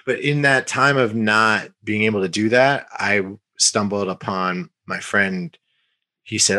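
Deep-voiced young man telling a story. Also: a little slow, dry recording. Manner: rambling, many fillers and restarts, animated when quoting others. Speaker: podcast guest. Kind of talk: casual conversational storytelling.

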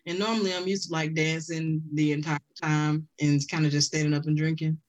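A woman chatting casually among friends, telling lively stories and laughing often. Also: deep voice, a little fast. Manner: laughs often, animated storytelling. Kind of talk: casual chat.

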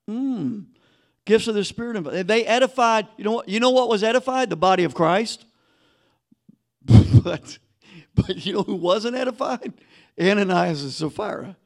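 A man preaching a sermon as pastor, emphatic, dropping to a hush and rising again. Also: high voice. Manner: emphatic preaching, drops to a hushed voice then rises.

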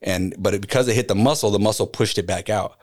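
A middle-aged graffiti artist, appearing as a guest on a podcast, tells a personal story in casual conversation. His voice is fairly low and fast, and he animatedly acts out the voices of the people he quotes.

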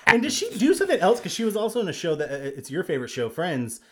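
A man's voice: high voice, wildly swooping pitch, very fast. A man co-hosting a podcast in casual movie talk, giving blunt and dismissive opinions. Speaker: podcast co-host. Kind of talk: casual movie review chat.

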